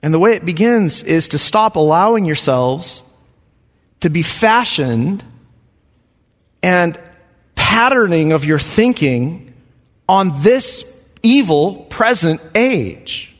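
A man's voice: high voice, lively intonation, slow pace, pauses often. Preaching man in a reverberant hall. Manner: earnest, preacherly, repeats questions for emphasis. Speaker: pastor. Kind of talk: sermon.

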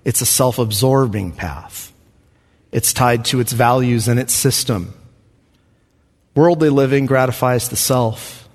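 Man, pastor, earnest sermon delivery at a middle pitch, heard in a church hall with a long tail of reverb. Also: a little slow, pauses often. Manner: earnest, preacherly, repeats questions for emphasis.

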